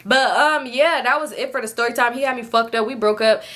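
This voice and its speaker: Lively, bright-voiced young woman telling stories. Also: a little high, fairly quick. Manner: animated, profane, quotes people in lively voices. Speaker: vlogger telling a story. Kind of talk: casual storytime.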